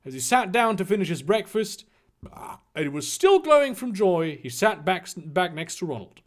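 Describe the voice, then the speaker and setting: A man's voice: sits high, very animated, moderate pace. A man reading fan fiction aloud with sarcastic, swearing asides. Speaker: reader.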